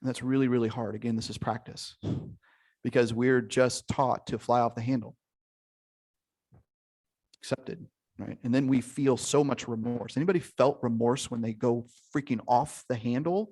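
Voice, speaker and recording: A man's voice: medium pitch, moderate pace. Emphatic male coach on a video call. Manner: energetic and emphatic, with frequent check-ins and swearing. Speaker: relationship coach. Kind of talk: live online coaching session.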